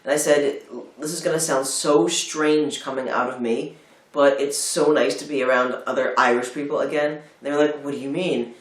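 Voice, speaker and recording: A man's voice: fairly high pitch, fairly even intonation, normal speed. A man from Philadelphia co-hosting a casual film chat, telling rambling stories and acting out what people said. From United States (Philadelphia). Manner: rambling storyteller, acts out quotes. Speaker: film review co-host. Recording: roomy, distant mic.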